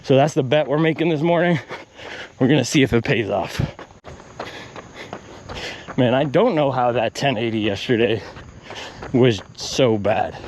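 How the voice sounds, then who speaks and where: A man's voice: medium pitch, a little hiss or hum. A man vlogging while out on a run, ranting animatedly and working through his pace math aloud. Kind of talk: casual vlog rant while running. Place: outdoors on a run.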